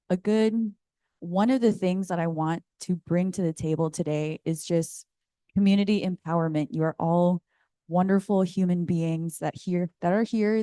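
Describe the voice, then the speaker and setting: Female advocate on a panel, lowish mellow tone, casual and visual in her explanations. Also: clear, resonant tone, dry recording, clean studio sound. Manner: casual, chatty, explains with images. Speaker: community advocate. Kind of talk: panel discussion remarks. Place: conference room.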